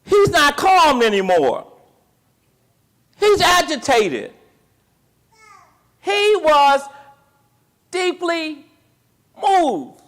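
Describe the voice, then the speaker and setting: A man teaching a Bible class, quizzing his students with call-and-response questions and retelling the story in colloquial, animated speech. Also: very high-pitched, extremely slow, long pauses.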